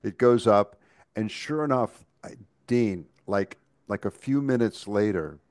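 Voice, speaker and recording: His voice is lowish and a little mellow, and he speaks a bit slowly as a podcast co-host in casual conversation. He often stammers and restarts his sentences, and the clean studio sound carries no room sound at all.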